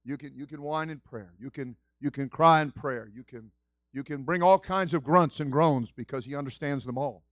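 A man, a senior pastor, giving a conversational sermon and telling stories with lively asides. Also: a little high, moderate pace, no room sound, lo-fi sound. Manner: animated storytelling, acts out quoted voices.

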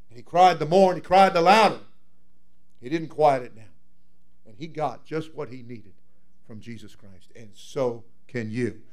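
A man preaching a sermon as pastor, swinging from loud fervent cries to quiet, hushed asides. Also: mid-range voice.

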